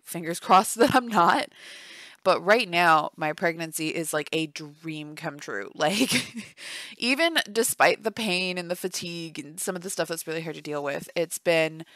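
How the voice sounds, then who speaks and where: In a voice-only home vlog, a young woman chats in an unhurried, low, slightly bright voice with no room sound. She's tired and yawning, yet giggly, talkative, and self-deprecating.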